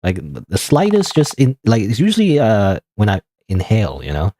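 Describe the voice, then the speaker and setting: A man's voice: lowish voice, wildly swooping pitch, normal speed, mellow, slight background noise. A male streamer rambling through casual gameplay commentary, full of fillers and a bit out of breath.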